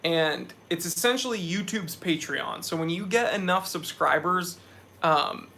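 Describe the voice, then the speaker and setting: A man's voice: sits high, a little slow, creaky, pushed and bright, a little hiss or hum. A young man hosting a casual live stream, sweaty after a hike, talking with energy as he reads out viewers' chat messages.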